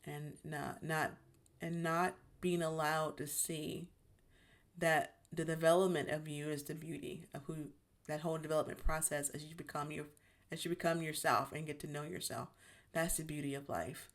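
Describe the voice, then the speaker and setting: A woman hosting her own channel, talking in a gentle, reflective monologue about healing, with frequent restarts as she searches for words. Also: sits low, steady tone, normal speed. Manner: gentle, self-reassuring, many restarts. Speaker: YouTube channel host.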